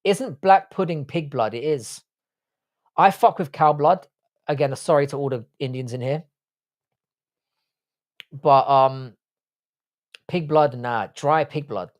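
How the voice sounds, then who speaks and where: A man's voice: a little high, slow, pauses often. A young English man with an English accent, hosting a livestream and chatting bluntly with swearing while reading viewer comments. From England. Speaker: livestream host.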